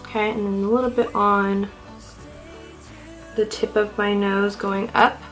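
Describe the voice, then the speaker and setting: A young woman talks her way through a quick makeup routine for a vlog, chatty and self-mocking as she works. She sounds a little out of breath, and faint music plays in the background. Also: medium pitch, level tone, fairly bright tone, poor audio. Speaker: beauty vlogger. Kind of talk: casual get-ready-with-me makeup chat.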